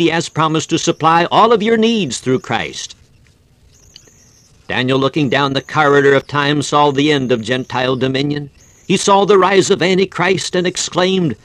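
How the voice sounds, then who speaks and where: A man's voice: a little high, fairly bright tone, no room sound. A man preaching a fervent sermon in an old-fashioned preaching cadence, telling stories and making appeals to his listeners.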